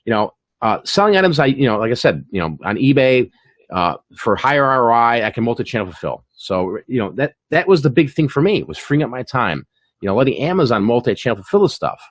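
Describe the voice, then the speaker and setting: Very animated and fairly quick, a man with a mid-range voice chats on a dry recording. He hosts a channel as an online reseller and keeps the live-stream talk about reselling casual, repeating words and using many fillers.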